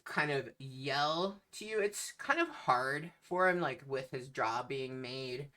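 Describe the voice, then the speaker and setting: A game master narrating a tabletop game in an unhurried way, with many fillers. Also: medium pitch, animated, sharp tone.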